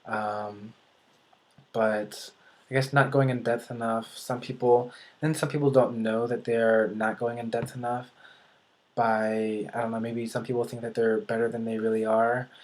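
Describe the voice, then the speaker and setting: A man vlogging casually about learning languages, thinking aloud with frequent pauses and restarts and a dry sarcastic touch. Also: on the low side. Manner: dry, self-described sarcastic humor. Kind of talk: casual talk to camera.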